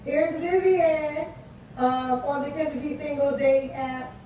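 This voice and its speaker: Brief: high-voiced sassy woman host, dark tone, echoey distant sound. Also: steady tone, unhurried. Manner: chatty, sassy asides. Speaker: dating show host. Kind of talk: upbeat live interview. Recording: echoey, distant, faint noise.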